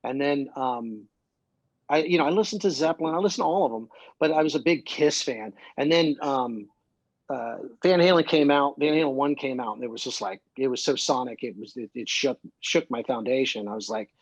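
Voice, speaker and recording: A male musician guest from Ohio, telling excitable, rambling stories full of fillers in a casual interview. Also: mid-range voice, fairly quick, no echo, muffled recording. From Columbus, Ohio.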